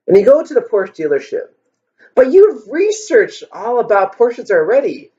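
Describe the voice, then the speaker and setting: A man's voice: very high-pitched, big pitch swings, normal speed, warm tone. A man vlogging in a rambling, wry storytelling style, musing aloud and asking rhetorical questions, on a dull lo-fi recording. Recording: dull lo-fi sound.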